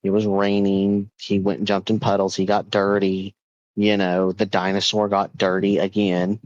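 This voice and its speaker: A man's voice: on the low side, monotone, normal speed, no echo, dull audio. A man hosting a podcast, telling a ghost story in a loose, rambling way with lots of restarts. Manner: rambling, with many repeats and fillers. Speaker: podcast host.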